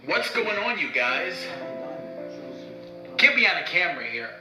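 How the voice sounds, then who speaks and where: A man's voice: high-pitched, very animated, a little slow. Angry swearing man vlogging in an echoey room. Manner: bitter, swearing, heated outbursts. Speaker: YouTuber. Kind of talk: angry vlog rant. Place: indoors, talking to own camera. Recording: roomy echo, faint music.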